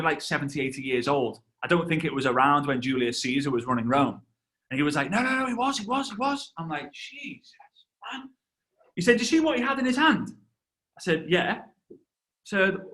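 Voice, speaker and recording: Bright, animated young man, mid-high voice. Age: 30s. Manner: animated storyteller, shouts and laughs, quick asides to the audience. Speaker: guest speaker. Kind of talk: energetic motivational training talk.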